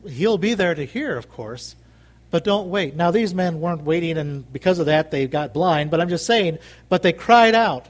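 A man's voice: on the high side, expressive, normal speed. A man preaching a sermon, emphatic and repetitive, calling out for amens from the congregation. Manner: emphatic, repeats phrases, calls for amens.

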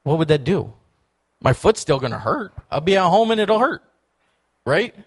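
A man's voice: fairly high pitch, normal speed, husky. A man preaching a sermon in a church, telling stories and acting out quoted voices. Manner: storytelling, animated, acts out quoted voices. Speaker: pastor.

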